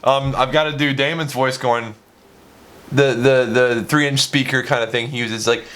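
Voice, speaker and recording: A man's voice: mid-range voice, fairly even intonation, moderate pace, fairly bright tone. A young man, a music producer, talking casually through his studio session, chatty and self-mocking, with plenty of fillers.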